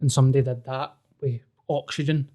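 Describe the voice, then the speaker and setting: A man's voice: mid-range voice, brisk. Sweary man telling a story. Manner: sweary, animated, acts out quoted dialogue. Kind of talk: casual storytelling.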